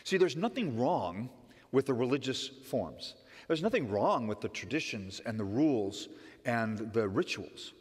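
A middle-aged man preaching a conversational sermon as pastor, often asking "right?" and swinging between loud emphatic lines and soft quiet ones. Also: mid-range voice, breathy edge. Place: church sanctuary. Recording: long church reverb.

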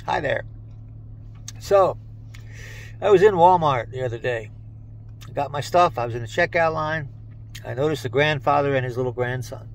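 A man's voice: mid-range voice, normal speed, creaky, long pauses, rough recording. An older man casually telling a joke as a story, in a plain, chatty, folksy way. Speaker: joke teller and channel host.

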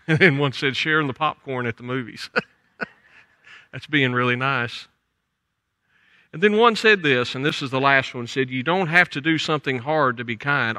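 With a mid-range voice, an older preacher with a Southern US accent speaks folksily and conversationally in a church sanctuary, letting his endings trail off softly. The sound is dry.

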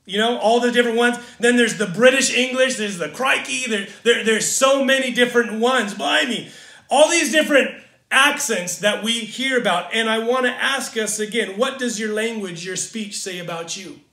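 A man's voice: sits high, moderate pace, few pauses, sharp tone, reverberant. A man from Southern California preaching a sermon as pastor, earnest, often repeating and restarting phrases. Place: church in Pacific Northwest.

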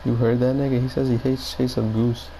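A man's voice: medium pitch, flat delivery, brisk, mellow, slight background noise, rough recording. A man giving crude, profane commentary while playing a video game. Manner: crude, profane trash talk. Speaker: gamer commentating gameplay.

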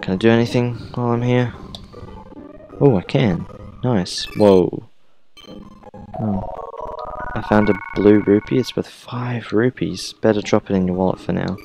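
A man's voice: lowish voice, fairly even intonation, unhurried, gravelly, pauses often, dark tone, faint music behind, low-quality recording. A young man giving casual let's-play commentary, thinking aloud and reacting to the tutorial as he plays. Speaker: gamer.

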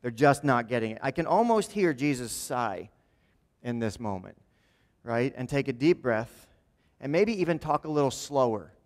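Speaking as pastor in a church sanctuary, a man preaches a sermon conversationally, often checking in with "right?" and acting out quoted speakers in altered voices. His mid-range voice has lively intonation at a normal speed, resonating in a large hall.

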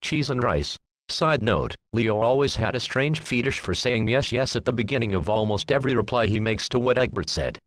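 A man narrating a comedic parody storybook in the first person, in a deadpan way full of crude jokes. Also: mid-range voice, fairly quick, hardly any pauses, no echo.

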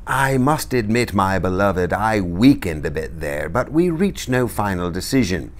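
A man reading a novel aloud with expressive, lively storytelling. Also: low voice, measured pace, few pauses. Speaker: reader.

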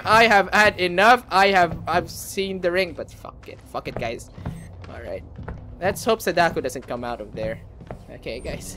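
Young man, horror game commentary, bright lively voice, jumpy, swears a lot, faint background noise. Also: high-pitched, normal speed. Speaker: gaming channel host.

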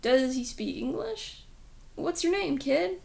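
A woman's voice: high-pitched, very animated, slow, vocal fry, darkish tone, heavily acted. A woman voicing a male police officer who questions a lost child in a plain, matter-of-fact way.

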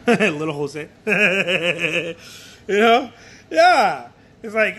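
A man's voice: high-pitched, very slow, slight background noise. A painter whose first language is Spanish, chatting casually and animatedly in his studio and acting out other people. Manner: animated, repeats himself, acts out other people. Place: art studio.

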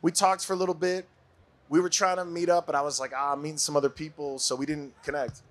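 A man in his forties from Brooklyn, a podcast guest telling a story in a casual, animated way and laughing often. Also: on the high side, fast talker. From Brooklyn, USA.

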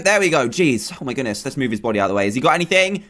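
A man giving excitable let's-play commentary, yelping and shrieking when threatened. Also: medium pitch, quick pace, hardly any pauses, slight background noise. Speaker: gaming YouTuber.

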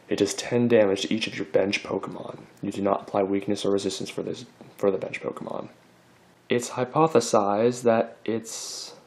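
A man hosting a casual card-opening video, chatty and excitable as he reads out card names. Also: lowish voice, creaky.

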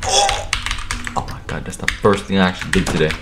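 A young man giving rowdy, profane commentary over his own gameplay, excitable and quick to burst into shouting. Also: low voice, background noise. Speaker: gaming video creator. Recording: echoey room with keyboard clatter. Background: keyboard clicks and typing.

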